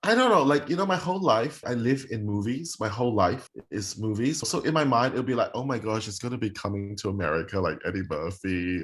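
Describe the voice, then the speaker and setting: A man in his forties from Singapore with a Singaporean accent, a guest telling stories in a casual interview, often leaping into high quoted voices. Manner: animated, jumps into high-pitched quoted voices. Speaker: guest, makeup artist.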